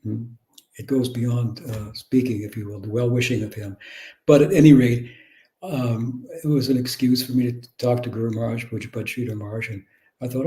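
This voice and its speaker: An older man, a monk, recalling his past in a reflective, halting way, with many fillers and polite self-corrections. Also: medium pitch, steady tone, warm tone, reverberant, low-quality recording. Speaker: guest monk. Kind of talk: reflective spoken recollection.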